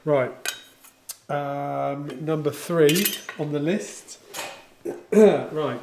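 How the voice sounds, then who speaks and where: A man's voice: a little high, slow pace, warm tone, a little hiss or hum. A man, a home baker, chatting casually and jokingly as he demonstrates his favourite kitchen tools. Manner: chatty, jokey, enthusiastic. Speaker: home baker showing equipment.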